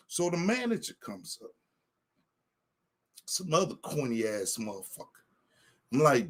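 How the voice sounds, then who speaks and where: A man's voice: a little high, big pitch swings, moderate pace, a bit bright, husky. A man telling a heated, profane story in a casual chat, acting out what he said. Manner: heated, profane anecdote with acted-out quotes. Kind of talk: animated storytelling.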